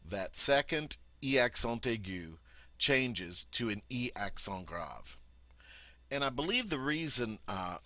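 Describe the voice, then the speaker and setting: A man's voice: medium pitch, pushed and bright, no room sound. A man, a teacher, patiently explaining a French grammar point in a methodical classroom style. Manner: patient, methodical, with many ums and rhetorical checks.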